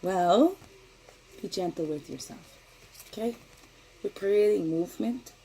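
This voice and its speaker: A middle-aged woman giving a casual daily spiritual card reading, talking in a gentle, meandering way and often asking "right?". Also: mid-range voice, moderate pace, vocal fry, a little hiss or hum, rough recording.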